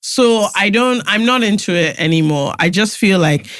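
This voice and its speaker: Woman co-host, dry joking asides, mid-pitched voice. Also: expressive, moderate pace, dry recording. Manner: wry, joking interjections. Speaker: podcast co-host. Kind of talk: casual chat.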